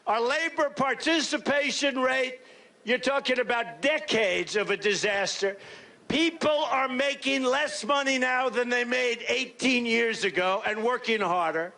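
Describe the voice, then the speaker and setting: In a large rally space, a political candidate gives a boastful, rambling campaign speech, repeating himself in punchy short phrases he often shouts. His voice is extremely high-pitched and gravelly, and he's unhurried.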